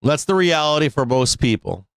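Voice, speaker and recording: Middle-aged male stream host, slightly high voice, profane and sarcastic, dry close mic. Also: big pitch swings, moderate pace, a bit bright, smooth, no echo. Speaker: live trading stream host. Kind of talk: casual live-stream rant.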